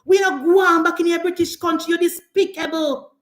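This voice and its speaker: A woman's voice: very high-pitched, fairly even intonation, a little fast, roomy sound. A woman with a Jamaican accent delivering an impassioned political rant as a commentator, scolding and emphatic, hammering the same attacks again and again.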